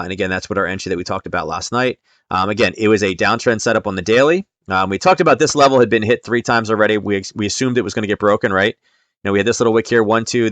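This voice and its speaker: A man's voice: lowish voice, fairly bright tone, no echo. A man hosting a live trading stream, walking through charts in a chatty, step-by-step way with frequent ums.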